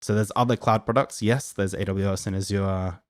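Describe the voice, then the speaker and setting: A man's voice: fairly low pitch, fairly even intonation, normal speed, no room sound, clean studio sound. A young Australian man hosting a casual live Q&A, friendly and rambling with lots of ums and restarts. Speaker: livestream host answering viewer questions.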